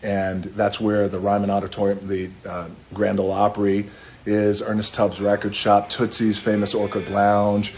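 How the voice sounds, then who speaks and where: A middle-aged man tells a rambling story on a phone-camera livestream, casually swearing and breaking into snippets of song. His fairly low voice is monotone and darkish at a normal speed, with a little hiss or hum.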